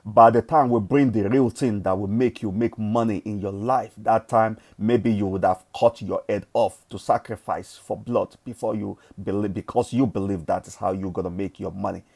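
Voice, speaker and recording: Preachy Nigerian man, low mellow voice. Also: steady tone, normal speed, vocal fry, hardly any pauses. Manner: preachy and emphatic, repeats phrases, swears casually. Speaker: forex trading vlogger. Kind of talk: motivational monologue.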